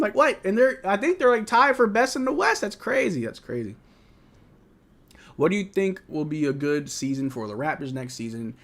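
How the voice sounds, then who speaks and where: A man hosting a live basketball watch-along, calling plays with excitement and chatting casually about the team. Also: on the high side. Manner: casual, excitable play-by-play mixed with candid fan opinions. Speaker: fan livestream host.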